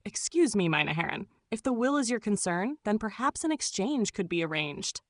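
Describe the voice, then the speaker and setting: A woman voicing a brilliant male detective who speaks in a crisp, decisive way. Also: medium pitch, very animated, moderate pace, no room sound. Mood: suave disguise.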